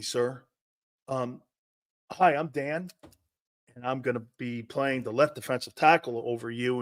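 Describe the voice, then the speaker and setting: A man's voice: medium pitch, fairly bright tone, pitched below the performer's own voice, close to an everyday voice. A man putting on the voice of a meek, overly polite male football lineman who talks in a timid, apologetic, fawning way.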